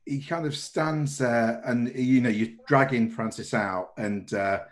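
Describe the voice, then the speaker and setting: A man's voice: mid-range voice, unhurried. A man running a tabletop horror game as game master, narrating in a hesitant way with many restarts. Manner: hesitant, lots of "kind of" and restarts.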